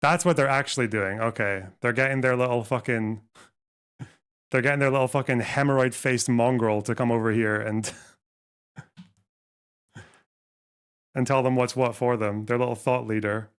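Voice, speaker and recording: A man's voice: medium pitch, steady tone, normal speed, pauses often, smooth. A man streaming and reacting to a clip, combative, profane and sarcastic. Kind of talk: live stream reaction commentary.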